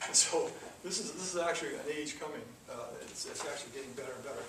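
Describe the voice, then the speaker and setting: Speaking fast in a voice that runs a little high, a man lectures a programming class step by step, restarting often and leaning on fillers. He's captured from far away in a noisy, echoing room.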